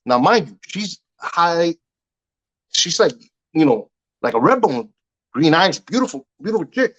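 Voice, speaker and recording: A middle-aged man tells stories in a relaxed interview, his voice sitting a little high. He gets animated and acts out the other voices in his stories, and he keeps checking in with "you know what I'm saying.". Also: measured pace, dull audio. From Cuban heritage. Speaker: guest. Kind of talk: casual storytelling interview.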